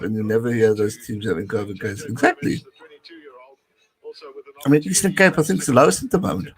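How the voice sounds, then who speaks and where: A man's voice: on the low side, low-quality recording. A young man giving casual live watch-along commentary on a rugby match, chatting with viewers and reading out their messages.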